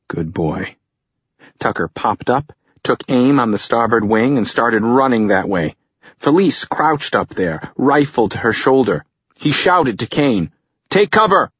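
Guy reading an audiobook, slow and dramatic, kinda husky, dry dull recording. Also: on the low side, no echo. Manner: dramatic, measured storytelling. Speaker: audiobook narrator. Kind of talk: scripted narration.

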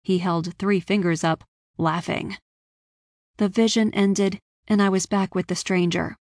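A woman's voice: mid-range voice, moderate pace. A woman reads a first-person story aloud in a scripted, dramatic way, giving each line feeling. Her voice sits mid-range and is captured close on the mic, with a dry sound and no room echo. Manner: dramatic, expressive reading. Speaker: audiobook narrator.

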